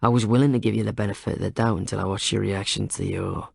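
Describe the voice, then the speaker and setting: A man's voice: fairly low pitch, fairly even intonation, fast talker, gravelly, husky, no room sound, studio quality, full character voice. A man playing Bradshaw, a needling detective. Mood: menacing. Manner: needling interrogator, shifts from reasonable to accusing. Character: male police detective, coaxing then menacing.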